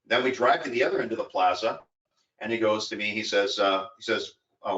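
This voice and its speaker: A man with a fairly low voice tells a story in an earnest, rambling way with plenty of fillers. He sounds set back from the mic in an echoey room. The recording is dull and lo-fi. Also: brisk, fairly bright tone, recorded from a distance. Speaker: co-host. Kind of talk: casual storytelling talk. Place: home in Florida.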